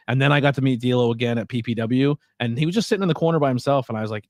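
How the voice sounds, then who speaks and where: A man talks in a mid-pitched voice on a podcast. He speaks earnestly and rambles, restarting his sentences often, and the sound is dry and close. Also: fast, dry recording. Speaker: podcast co-host. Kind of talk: casual chat.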